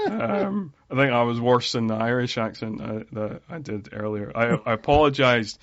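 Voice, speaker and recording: A man's voice: mid-range voice, lively intonation, moderate pace, vocal fry, fairly bright tone, dry recording, highs cut off. A man co-hosting a podcast, chatting casually about a film and sharing research facts. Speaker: podcast co-host.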